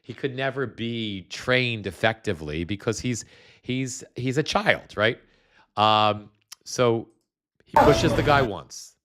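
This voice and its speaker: A man's voice: mid-range voice, lively intonation, slow pace, fairly bright tone. A man hosting a live stream, talking bluntly and scornfully, with many restarts as he explains things at his computer. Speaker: show host.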